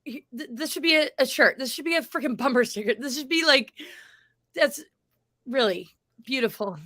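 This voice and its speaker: A woman co-hosting a talk show, reacting with excitement in casual chat. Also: high voice, normal speed, dry recording, studio quality. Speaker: co-host.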